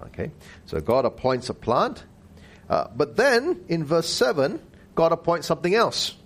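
A man giving an expository Bible teaching who keeps asking his listeners rhetorical questions and slows down to stress key words. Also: fairly high pitch, huge pitch swings.

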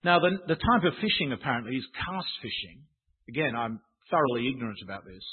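A man's voice: medium pitch, very animated, fast, slightly rough. A man preaching a sermon in a conversational, wry, self-deprecating manner. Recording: tinny phone-like sound.

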